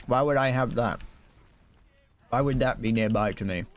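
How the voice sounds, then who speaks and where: A man's voice: medium pitch, normal speed. A young man from Britain chatting casually while he streams a game, rambling and playful, humming to himself between remarks. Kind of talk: casual gaming stream chat.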